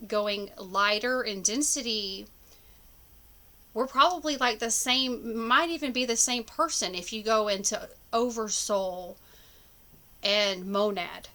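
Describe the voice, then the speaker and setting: A woman with a medium-pitched, sharp-toned voice rambles to the camera about her dreams. She's a spiritual vlogger giving a casual personal monologue, with many fillers and false starts.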